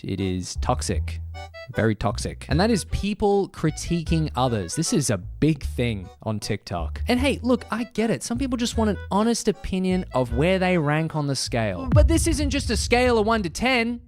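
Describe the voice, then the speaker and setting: A man narrates a commentary video essay with sarcastic exasperation. His pitch leaps up for emphasis and sinks low for deadpan asides. Faint music plays underneath him. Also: moderate pace. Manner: sarcastic, exasperated, swings between high and low.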